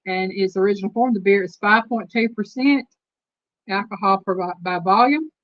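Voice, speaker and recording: A woman's voice: mid-range voice, moderate pace, dry recording, muffled recording. A woman with a Southern Texas accent hosting a live stream, chatting casually and reading trivia questions aloud to her viewers. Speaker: host.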